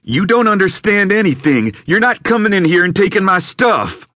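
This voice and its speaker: A man voicing an unhinged, armed southern stranger who talks in a slow drawl in an audiobook. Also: fairly low pitch, animated, no echo, pitched above the performer's own voice. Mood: frantic. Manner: slow drawl, shouting, frantic threats. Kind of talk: audiobook character voice.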